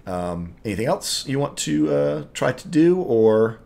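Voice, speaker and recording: A man's voice: mid-range voice, big pitch swings, unhurried, gravelly, a little mellow. A man narrating as game master of a tabletop game, rambling with many fillers and restarts.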